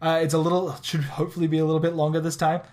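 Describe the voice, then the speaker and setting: Man, Australian accent, slightly high voice, podcast co-host, eager, quick, stumbling restarts. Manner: quick, excitable, with many restarts. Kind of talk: casual chat.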